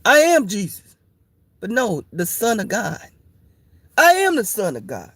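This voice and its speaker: Slow, lively woman leading Bible study. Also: a little high, breathy edge, no room sound. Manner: repetitive, playful, laughs often. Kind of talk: informal Bible study talk.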